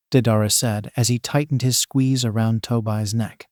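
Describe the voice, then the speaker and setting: A man reads a fan fiction story aloud in a plain, even voice. His pitch sits in the middle range. The recording is dry and close to the mic. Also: moderate pace, hardly any pauses, no echo. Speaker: narrator.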